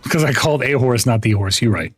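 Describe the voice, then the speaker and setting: A man's voice: medium pitch, quick pace, soft background music. A young man chatting casually with viewers while livestreaming a game, rambling with lots of restarts and easy laughs. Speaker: gaming livestreamer. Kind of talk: casual chat while gaming.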